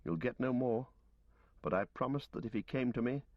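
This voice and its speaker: A man's voice: medium pitch, moderate pace, no echo, pitched above the performer's own voice, natural voice. A man reading aloud and voicing an earnest, loyal young male hobbit who speaks courteously but firmly. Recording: dull lo-fi recording.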